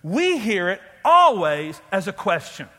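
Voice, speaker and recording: A man preaching a sermon as pastor, animated, acting out loud pleading prayers and making joking asides. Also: sits high, measured pace, in a large hall.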